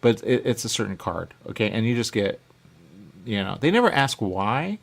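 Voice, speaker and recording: Gravelly low-voiced talk radio host. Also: male voice, very animated, normal speed. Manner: chatty, keeps saying "okay?" and "there you go". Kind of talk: casual rambling talk.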